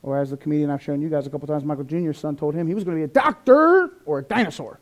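A man preaching a sermon, animated, acting out quoted voices with big swings in pitch and loudness. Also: rapid-fire. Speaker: pastor.

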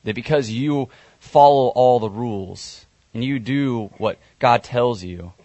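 A man's voice: medium pitch, slow, dark tone, dry recording. A male pastor preaching a sermon, retelling a scripture story conversationally with some fillers.

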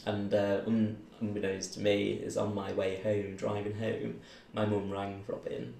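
A man recounts his own story in relaxed conversation, slipping into the voices of the people in it. His voice is low and gravelly. The room around him is roomy and echoing. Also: a little slow, a little hiss or hum. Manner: chatty, laughs often, acts out voices in his story. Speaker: interviewee. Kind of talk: casual personal storytelling.

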